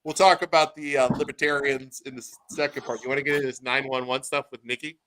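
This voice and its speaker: A man's voice: medium pitch, quick pace, low-quality recording. A man co-hosting a podcast, telling a story in casual chat and acting out what people said. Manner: animated storytelling, acts out quotes. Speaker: podcast co-host.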